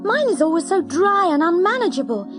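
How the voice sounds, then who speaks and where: A woman's voice: extremely high pitch, sing-song, a little fast. A woman doing a gushing, chatty young woman. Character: chatty young woman fussing about her hair. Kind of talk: scripted radio advert. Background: music.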